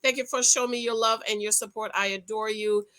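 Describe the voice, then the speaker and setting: A woman giving a sassy, animated recap of a reality TV episode, talking straight to her viewers. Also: on the high side, fairly quick. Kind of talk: casual recap commentary.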